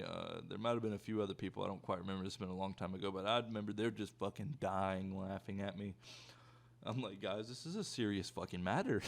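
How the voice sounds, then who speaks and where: Brief: a young man doing a storytime, low and gravelly, swearing and rambling. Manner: profane, rambling, animated storytelling. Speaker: YouTuber. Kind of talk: casual storytime.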